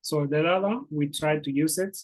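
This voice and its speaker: A language teacher giving a beginner lesson, patiently repeating words slowly and encouraging the learners. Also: mid-range voice, poor audio.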